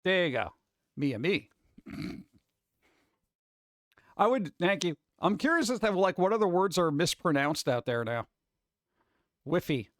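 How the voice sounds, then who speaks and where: A man's voice: fairly high pitch, very animated, measured pace, long pauses, no room sound, clean studio sound. A man hosting a live stream, chatting casually and reading chat aloud in a rambling, jokey way with muttered asides.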